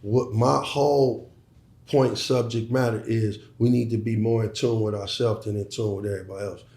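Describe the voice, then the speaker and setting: In an echoey room, a middle-aged man talks casually as an interview guest, his voice lowish, mellow and steady at a normal speed. A former hustler turned entrepreneur, he's emphatic and profane, often repeating words as he starts a sentence.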